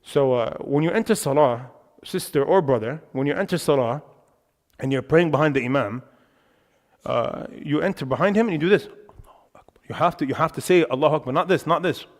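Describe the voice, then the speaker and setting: A man's voice: fairly high pitch, brisk. A young man giving an emphatic, conversational religious lesson in a mosque, with frequent filler words. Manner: animated, emphatic. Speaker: religious teacher. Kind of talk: lecture on worship. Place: mosque hall. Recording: reverberant mosque hall.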